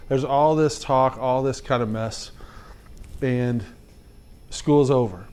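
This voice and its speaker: A man teaching a class of fifth graders, telling a personal story in an animated, chatty way, with lots of "like" and direct questions to the kids. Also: on the high side, moderate pace, smooth.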